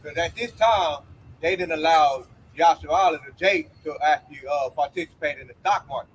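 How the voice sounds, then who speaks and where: A man's voice: a little high, brisk, breathy edge, low-quality recording. A man outdoors by a road, explaining in casual chat with hesitant restarts.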